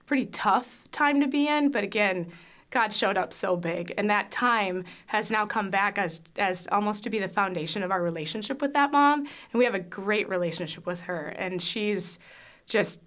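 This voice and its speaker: A woman's voice: mid-range voice, normal speed, a bit bright. Woman sharing a heartfelt foster-care testimony. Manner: candid, emotional, with frequent fillers and restarts. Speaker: foster parent. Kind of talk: personal faith testimony.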